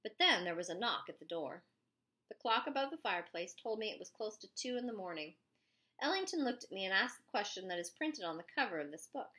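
Woman reading an audiobook, bright and bouncy, lots of ups and downs. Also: mid-range voice, lively intonation, fairly quick. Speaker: audiobook narrator. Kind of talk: first-person audiobook narration.

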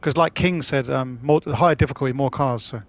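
A man's voice: mid-range voice, a little fast. A man chatting casually to his live-stream audience as he plays, rambling, swearing and using slang. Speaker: gaming streamer.

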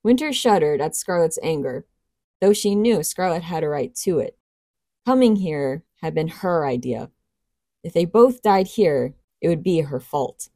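Woman reading a story aloud, low voice. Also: expressive, a little slow, mellow, dry recording, studio quality. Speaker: audiobook reader. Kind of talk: storybook narration.

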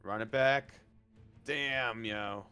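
A man's voice: mid-range voice, very slow, bright, forceful tone, soft background music. A man playing in a live tabletop game, bantering in a slangy, laid-back way. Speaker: player. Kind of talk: casual tabletop game play.

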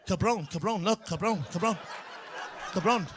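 A man's voice: high voice, normal speed, fairly bright tone. A man imitating his older Mexican mother scolding him, mixing in Spanish words. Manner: mixing in Spanish endearments and curses. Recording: noisy podcast clip.

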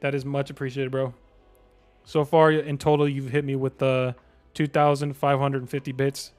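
A young man streaming a game live, chatting to viewers in slang and bursting into excited yells. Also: medium pitch, normal speed, faint music behind.

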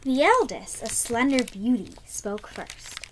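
A young woman reads a children's book aloud with lively, expressive storytelling. Her voice sits a little high, and a faint noise hums in the background. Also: slow pace. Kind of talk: reading a picture book aloud.

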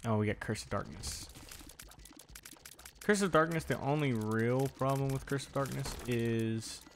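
Faint game music accompanies a young gaming video creator as he plays and chats, now and then addressing the enemies on screen. He talks in an unhurried, medium-pitched voice, with slight background noise in the recording.

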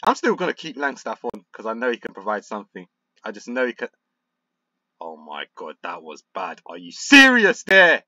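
A man's voice: on the low side, brisk, dry recording, dull audio. Agitated young man. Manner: frustrated, excitable, swings between muttering and outbursts. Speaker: gaming YouTuber. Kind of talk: football manager game commentary.

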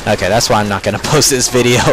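Game gunfire plays behind a young man giving live commentary on his online shooter matches. His voice is fairly low and fairly bright, his pace brisk, and he swears in frustration while mocking opponents.

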